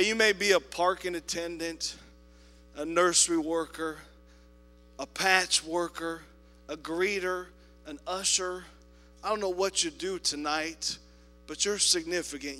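A man preaching a sermon in a church, telling a story with quoted voices and swinging between loud appeals and soft asides. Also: a little high, fairly even intonation, unhurried, in a large hall, faint music behind. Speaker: pastor. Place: church sanctuary.

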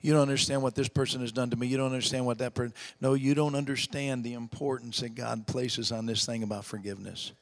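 A middle-aged man preaching a storytelling sermon in a folksy, emphatic way, dropping to a hush for heavy moments. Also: mid-range voice, fairly even intonation, fast talker, vocal fry, hardly any pauses, in a large hall. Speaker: evangelist preacher.

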